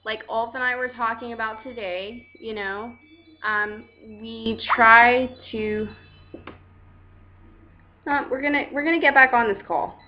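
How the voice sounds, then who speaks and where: A woman's voice: fairly high pitch, steady tone, unhurried, muffled recording, a little hiss or hum. A woman hosting a casual live video chat, talking frankly and rambling straight to her viewers. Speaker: host.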